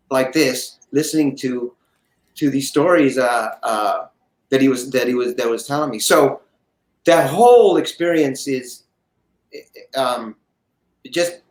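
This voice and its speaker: A man telling a story as an interview guest, his slightly high voice bouncing in a roomy space. He keeps it animated and acts out the other people's lines as he goes. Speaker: guest actor.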